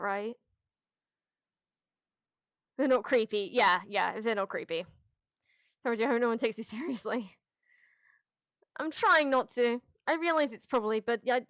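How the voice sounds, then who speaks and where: A woman's voice: a little high, a bit bright, no room sound. A woman streamer on a headset, chatting casually with her chat in a rambling, candid way, full of restarts and the odd swear. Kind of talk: casual livestream chat, answering chat.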